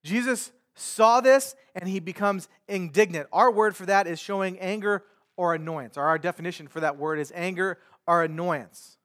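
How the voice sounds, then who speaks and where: Male pastor, higher voice, casual conversational sermon delivery. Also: normal speed, a bit bright. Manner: conversational preaching with paraphrased quotes.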